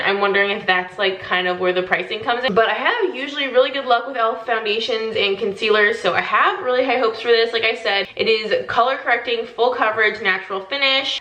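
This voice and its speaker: A woman's voice: mid-range voice, bright, forceful tone. Chatty young woman in an echoey bathroom. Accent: Southern US. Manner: chatty, many "like" fillers, laughs often. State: morning voice. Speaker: beauty vlogger. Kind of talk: casual chat. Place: bathroom at home.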